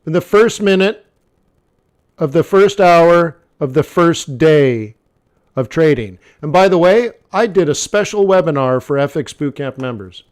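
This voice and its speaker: In a fairly high, lively voice at a measured pace, a man runs a live forex trading session, speaking straight to the viewer. He's blunt and conversational, repeats himself, and leans heavily on "okay" and "like."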